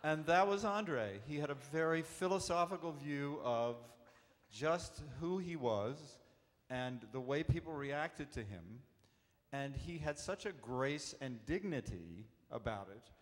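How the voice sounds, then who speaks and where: A man, an actor, telling animated anecdotes at a convention panel, acting out the voices in his stories. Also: on the high side, a little slow. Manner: warm, animated storyteller acting out quotes. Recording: echoey convention hall.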